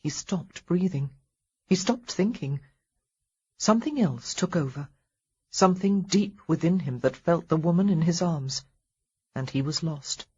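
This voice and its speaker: A woman narrating a historical romance audiobook in a soft, measured reading with a breathy voice. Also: on the low side, highs cut off. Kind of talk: scripted narration.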